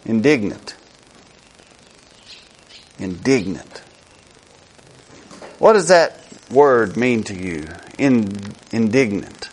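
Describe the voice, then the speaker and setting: A man preaching a sermon slowly and emphatically, repeating key words for effect. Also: mid-range voice, big pitch swings.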